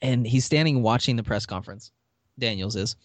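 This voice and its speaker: A man's voice: mid-range voice, brisk, no echo. Guy on a podcast recapping a show, acting out the lines, medium voice, super dry sound. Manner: lively retelling, acting out characters' lines with laughs. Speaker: podcast host. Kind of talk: casual chat recapping a TV episode.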